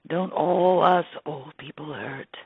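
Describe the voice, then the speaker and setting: A woman's voice: low voice, slow pace, gravelly, breathy edge, no echo, heavily acted. Woman doing a blunt, worn-out old Yorkshire woman, storybook reading, thin phone-like sound, dry. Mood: weary. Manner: tired, blunt, grumbling. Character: frank 78-year-old woman, weary cancer patient.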